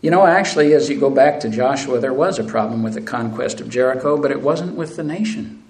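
A man with a medium-pitched, darkish voice speaks fairly quickly in a low-quality recording of his sermon. Earnest throughout, he reads scripture aloud with mounting intensity and addresses the congregation as brethren.

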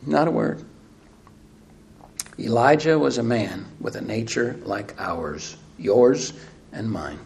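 A man preaching a sermon, asking emphatic rhetorical questions and swinging between loud and hushed delivery. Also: fairly low pitch, big pitch swings, slow pace, vocal fry, slight background noise. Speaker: pastor.

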